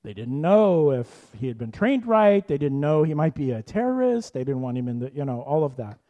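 A man preaching with a high, mellow voice. He tells his story with animated energy and prays in a hushed, earnest way. His delivery is that of a minister speaking to a congregation. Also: brisk, highs cut off. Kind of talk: sermon story and prayer.

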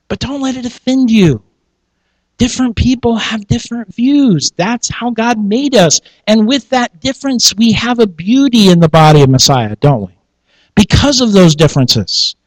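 A man's voice: high voice, dry recording, low-quality recording. A man, a pastor, preaching a sermon in a conversational way, asking rhetorical questions and laughing at his own asides.

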